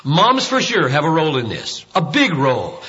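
An older man preaching a sermon at a rally, telling stories with loud emphasis and hushed asides. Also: on the high side, normal speed, husky. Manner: animated storytelling, swings between loud emphasis and hushed asides. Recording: dull reverberant hall recording.

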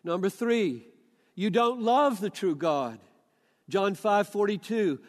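An older man preaching a sermon, emphatic and deliberate, quoting scripture at length. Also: sits high, in a large hall.

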